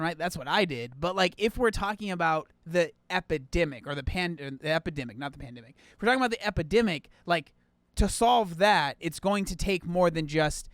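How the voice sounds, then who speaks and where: A man with a high voice talks through his reactions in a loose, rambling way. He restarts often and leans on fillers. The sound is dry and close, with little room behind it. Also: a bit bright, no room sound. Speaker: host reacting to a video. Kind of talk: casual reaction commentary.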